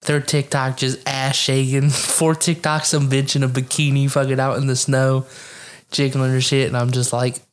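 A man's voice: medium pitch, flat delivery, normal speed. A young man co-hosting a casual, profane chat, laughing often and acting out what others said. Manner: laughs often, acts out quoted lines.

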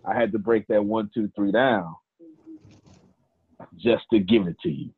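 A man hosting a live teaching session. He tells stories in a colloquial, animated way and calls on listeners by name. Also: fairly low pitch, a little slow, vocal fry, slightly rough, no echo. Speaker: teacher and host. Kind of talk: live teaching talk with storytelling. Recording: tinny phone-like dry line.

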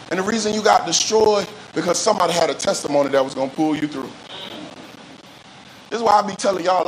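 A male pastor preaching a sermon with call-and-response, often rising into shouts and sung phrases. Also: high-pitched, slight background noise, rough recording. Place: church service.

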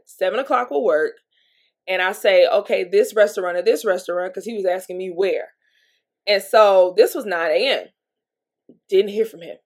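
A young adult woman hosting a podcast, telling a personal story in a chatty, animated way with frequent laughs and fillers. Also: mid-range voice. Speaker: podcast host. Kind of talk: casual storytelling monologue.

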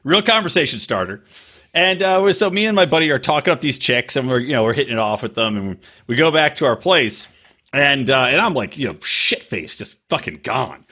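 A man's voice: medium pitch, big pitch swings, brisk, pushed and bright, breathy edge. A middle-aged man co-hosting a podcast, rambling through crude anecdotes and laughing often in casual chat. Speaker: podcast co-host.

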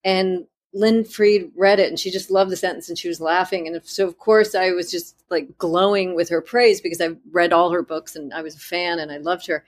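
A woman author in an interview, telling her story in a candid, self-deprecating way with halting restarts. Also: lowish voice, steady tone.

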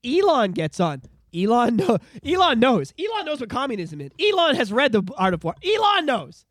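A man hosting a podcast, ranting and swearing in lively casual chat. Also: extremely high pitch, moderate pace, dry recording, clean studio sound. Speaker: podcast host.

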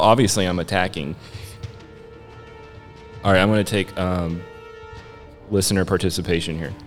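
A man with a Southern US accent playing a live tabletop game, joking and chatty. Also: low-pitched. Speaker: player.

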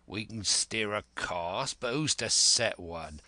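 A male reader doing a gruff old pirate cook, scheming and persuasive, low slow voice, dry close sound. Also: expressive, bright, forceful tone, no room sound, full character voice. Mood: scornful. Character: scheming one-legged pirate cook, older man.

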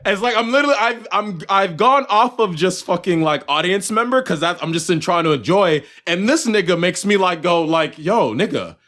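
A young man co-hosting a podcast in casual chat, animated and profane, acting out his own reactions as he talks. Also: high voice, moderate pace, few pauses. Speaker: podcast co-host.

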